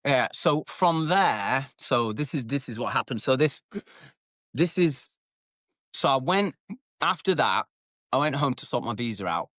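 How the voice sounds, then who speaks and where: A man's voice: mid-range voice, a little slow, no room sound. British guy swearing his way through fight stories, dry close mic, plenty of energy. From United Kingdom. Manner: animated, swears freely, acts out shouted quotes. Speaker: retired MMA fighter, guest. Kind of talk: casual storytelling interview.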